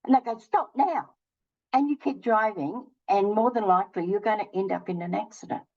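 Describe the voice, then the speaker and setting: A fast-talking older woman, host of her own channel, relates a personal story informally and plays both participants in every exchange. Her mid-range voice has a darkish tone, and the recording sounds muffled.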